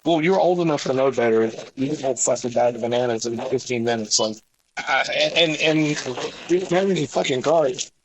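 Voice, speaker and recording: A man's voice: mid-range voice, fairly quick, poor audio. A man, a store coworker, ranting casually with lots of swearing and exasperation. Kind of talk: casual chat.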